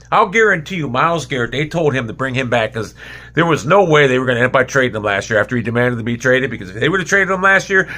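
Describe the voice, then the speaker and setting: A man's voice: on the high side, pushed and bright. A man ranting angrily as a football fan, heated and profane, repeating himself as he vents. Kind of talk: angry sports rant.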